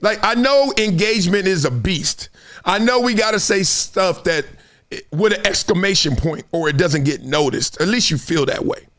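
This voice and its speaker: A middle-aged man hosting solo sports commentary, animated and fond of acting out quotes in other voices. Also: high voice, moderate pace.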